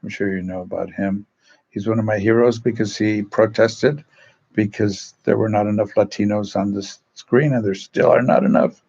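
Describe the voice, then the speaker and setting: Older priest guy rambling thru old stories, gravelly low voice, kinda muffled lo-fi sound. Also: steady tone, normal speed, darkish tone. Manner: rambling, searches for names, acts out quoted voices. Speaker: Salesian priest. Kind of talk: casual storytelling.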